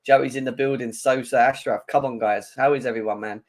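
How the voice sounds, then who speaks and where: A man hosting a casual fan livestream, talking excitedly and greeting chat viewers by name. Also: medium pitch, brisk. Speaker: livestream host.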